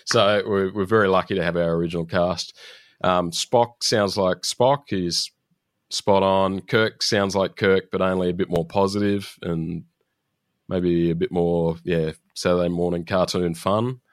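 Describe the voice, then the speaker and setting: A man's voice: deep voice, little pitch movement, a little slow, no echo, clean studio sound. A man co-hosting a podcast, chatting casually as he recaps an episode, laughing often and using lots of fillers. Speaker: podcast co-host.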